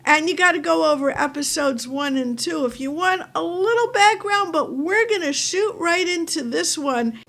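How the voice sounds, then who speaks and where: A woman's voice: very high-pitched, expressive, moderate pace, vocal fry, hardly any pauses, a bit bright, a little hiss or hum. A woman therapist hosting a self-help video series, talking straight to the viewer in an upbeat, coaching way. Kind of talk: direct-to-camera self-help talk.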